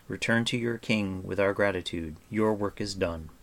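A man reading as a quiet resolute young hero. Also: on the low side, moderate pace, creaky. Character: earnest young male hero. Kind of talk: storybook reading.

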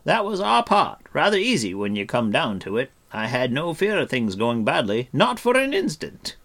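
A man's voice: medium pitch, huge pitch swings, moderate pace, gravelly, a bit bright, pitched above the performer's own voice, exaggerated voice. A man voicing a boastful, flamboyant male bard who tells his battle story in a grandiose, exclaiming way. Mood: carefree.

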